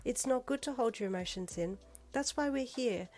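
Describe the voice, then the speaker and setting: A woman voicing a gentle, caring young heroine in a fan fiction reading, speaking high and sweet to coax and reassure. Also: fairly even intonation, measured pace. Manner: soothing, encouraging, high and sweet.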